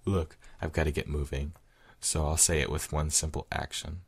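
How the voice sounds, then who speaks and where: Man reading an awkward young man, low-voiced, stumbling, dry sound. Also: level tone, normal speed, creaky, slightly rough, no room sound, full character voice. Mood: nervous. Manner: hesitant, stumbling.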